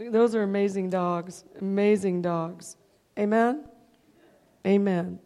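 A woman's voice: medium pitch, steady tone, slow, warm tone, long reverb tail. A woman preaching a sermon, emotional and heartfelt, often calling out "Amen?" to the congregation. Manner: emotional, calls out "Amen?" to the crowd.

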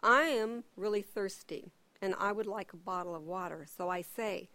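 A middle-aged woman gives a sermon-style teaching full of personal stories. She tells them in an animated way and acts out the voices. Her voice sits at an ordinary pitch, and the sound is dry and close. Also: normal speed, hardly any pauses, no echo. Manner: animated storyteller who acts out quotes. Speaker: church ministry teacher.

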